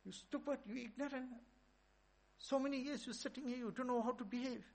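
A man acting out a furious old male Sufi master, shouting and scolding a student harshly. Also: extremely high pitch, brisk, voice pushed up.

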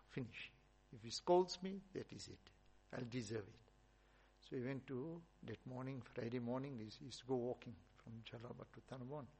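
A man, a religious teacher, giving a storytelling sermon with emphatic rises and soft asides. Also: medium pitch, husky.

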